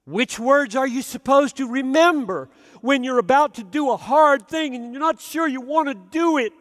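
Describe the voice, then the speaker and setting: A man preaching a sermon, earnest and emphatic, often dropping to soft, low tones. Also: normal speed, long reverb tail.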